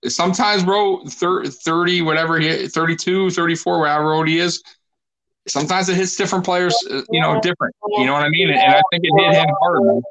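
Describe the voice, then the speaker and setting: Bright-voiced laid-back man. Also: a little high, brisk, low-quality recording. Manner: laid-back, says bro a lot. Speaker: podcast co-host. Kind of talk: casual sports chat.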